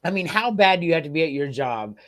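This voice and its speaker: A man hosting a casual sports podcast, animated, laughing often and swearing freely. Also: a little high, fast. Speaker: podcast host.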